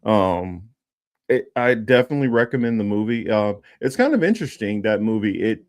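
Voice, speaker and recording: A man's voice: lowish voice, expressive, moderate pace, dry recording, clean studio sound. A man hosting a casual political livestream, talking with many fillers and restarts and reading news text aloud. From Los Angeles area. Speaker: political commentary host.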